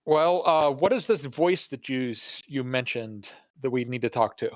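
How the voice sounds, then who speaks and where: A man's voice: medium pitch, animated, moderate pace, dry recording. Man, tabletop player, joking, slightly dull dry audio. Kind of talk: playing a tabletop game.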